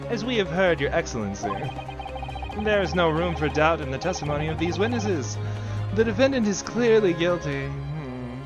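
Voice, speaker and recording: A man's voice: on the high side, big pitch swings, normal speed, highs cut off. A man voicing a smug male prosecutor who declaims in a pompous way, over game music.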